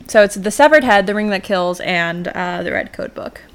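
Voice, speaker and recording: A young woman co-hosting a podcast in loose, animated banter. She swears casually and laughs often, with a medium pitch. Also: moderate pace, clean tone. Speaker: podcast co-host. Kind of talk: casual chat.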